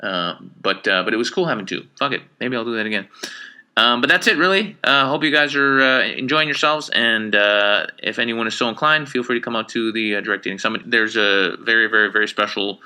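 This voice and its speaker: A man hosting a podcast in casual chat, energetic and swearing freely, with lots of fillers like "uh". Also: lowish voice, brisk, clean tone. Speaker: podcast host.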